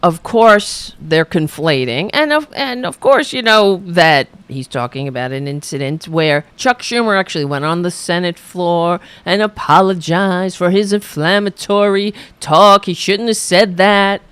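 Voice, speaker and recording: A woman's voice: fairly low pitch, unhurried, few pauses, a bit bright, clear, resonant tone, dry recording. A woman hosting a political podcast, ranting angrily and profanely at a played clip with sarcasm. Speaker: podcast host. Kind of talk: angry political commentary.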